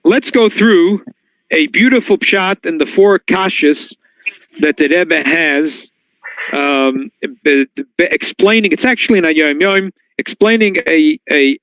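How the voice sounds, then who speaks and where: Male rabbi, sermon-style class, slightly high voice, dry and close, animated storyteller. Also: unhurried, no room sound, low-quality recording. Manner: storytelling, swings to high excited tones when quoting. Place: synagogue.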